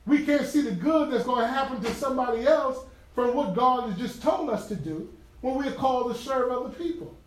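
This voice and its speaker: A man's voice: extremely high pitch, fairly quick. Echoey, far-off preaching man. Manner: animated, humorous, emphatic storytelling. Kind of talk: conversational sermon with personal stories.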